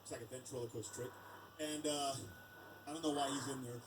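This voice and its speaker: A man's voice: medium pitch, steady tone, fairly quick, distant mic, noisy background. A man beatboxer chatting casually on a live stream, with jokey offhand asides between vocal sound effects.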